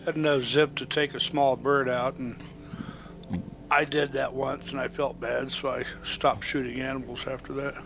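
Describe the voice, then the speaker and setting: A man in casual chat, mostly giving brief, relaxed replies and telling short stories of his own. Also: mid-range voice, normal speed, gravelly, muffled recording, music in the background.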